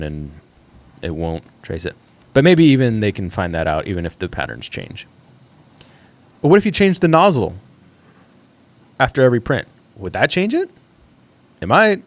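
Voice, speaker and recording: A man's voice: lowish voice, huge pitch swings, moderate pace, long pauses. A young man hosting a casual solo livestream, thinking aloud in a rambling way with fillers and the odd laugh. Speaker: livestream host.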